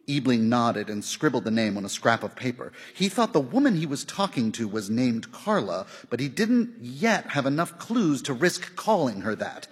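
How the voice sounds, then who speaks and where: A man narrating a literary novel in a measured storytelling manner, shifting his voice softly for the characters' dialogue. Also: medium pitch, sing-song, husky, long reverb tail. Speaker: audiobook narrator.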